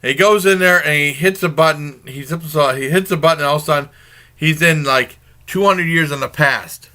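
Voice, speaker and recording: A man with a strikingly bright, forceful voice, pitched a little above the usual, talks through a TV comedy in a casual review. He retells the story loosely and conversationally. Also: brisk. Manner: rambling plot retelling; informal and conversational. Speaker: TV show reviewer.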